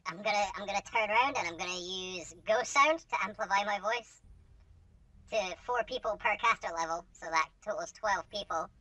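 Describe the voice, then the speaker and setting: A woman's voice: medium pitch, normal speed, sharp tone, dry recording, highs cut off. A woman playing a tabletop game with playful, wry quips. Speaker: player. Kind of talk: casual in-character game talk. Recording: slightly distant mic, dry.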